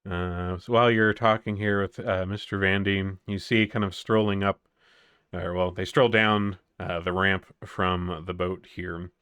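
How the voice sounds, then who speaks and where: A man narrating as game master of a tabletop game, relaxed and descriptive. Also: deep voice, a little slow, clear, resonant tone, no echo.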